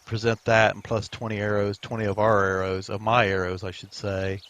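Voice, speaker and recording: A low-pitched man talks as a player in a tabletop game. He is casual and joking, hesitant, tripping and restarting his sentences. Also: level tone, fairly quick, fairly bright tone. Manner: hesitant, joking, stumbles over words.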